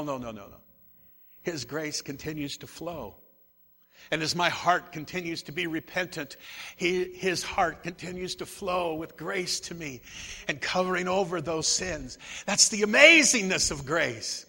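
A man's voice: on the high side, expressive, measured pace, creaky, pushed and bright, husky. A male pastor preaching a sermon, emphatic and repeating his key phrases, speaking familiarly to his congregation in a church. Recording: long echo of a large church hall.

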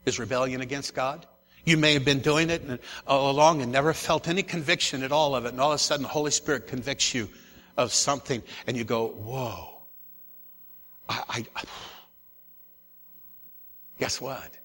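A male pastor with a mid-range, somewhat bright voice preaches a bit fast, his sermon echoing through a big church hall. He addresses his congregation familiarly, pressing and repeating his key phrases.

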